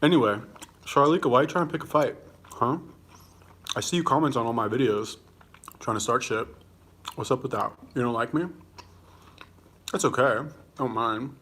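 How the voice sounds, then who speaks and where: On a casual livestream, a blunt, combative man answers viewer comments while eating, swearing casually. His medium-pitched, fairly bright voice moves briskly but breaks into long pauses.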